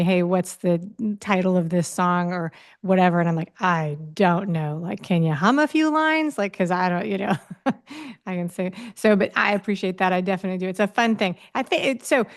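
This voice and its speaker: A woman hosts a podcast interview in an easy, conversational way. Her voice sits at a medium pitch. Her questions wander and restart before she lands on them. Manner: rambling questions with many restarts. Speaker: podcast host.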